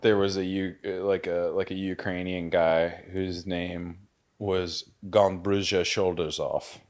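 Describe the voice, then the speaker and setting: A man with a fairly low voice, talking loosely and casually on a podcast. He rambles through stories, swears freely and breaks into laughter. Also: level tone, slow, a little mellow. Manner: rambling storyteller, swears a lot, laughs often. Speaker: podcast co-host. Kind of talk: casual chat.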